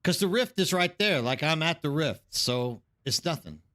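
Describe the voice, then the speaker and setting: A man's voice: a little high, expressive, moderate pace, fairly bright tone. A man streaming a game live, chatting casually and rambling to his viewers, calling them by name.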